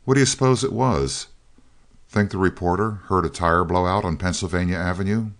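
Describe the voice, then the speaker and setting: A man's voice: low-pitched, fairly quick. A man reading the lines of a breezy, joking male friend with a teasing manner in an audiobook. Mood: grinning.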